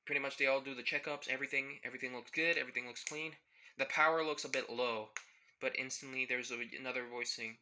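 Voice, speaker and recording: A man improvising a fan-made story out loud, in a rambling, casual way with frequent chuckles. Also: medium pitch, steady tone, fast talker.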